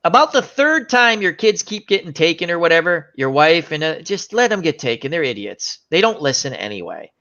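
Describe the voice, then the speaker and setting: A man hosts a casual online chat, his voice bright and very lively in pitch. He retells movie scenes with animation. The audio is slightly dull and lo-fi. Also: a little fast, few pauses. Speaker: show host.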